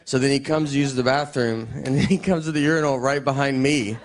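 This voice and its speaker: A man with a Southern US accent telling stand-up stories in a dry, deadpan way. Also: mid-range voice, a little fast, noisy background. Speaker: stand-up comedian. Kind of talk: stand-up set and talk show chat.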